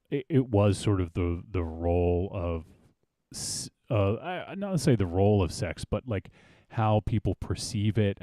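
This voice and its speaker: A man hosting a casual horror film discussion podcast, relaxed and rambling with many fillers. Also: low voice, dry recording, clean studio sound. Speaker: podcast host.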